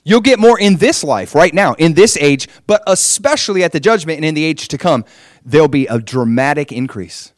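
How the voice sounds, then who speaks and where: With a fairly high pitch and moderate pace, this middle-aged preacher gives an animated, conversational sermon, performing the voices of those he quotes. The studio-quality recording has no echo.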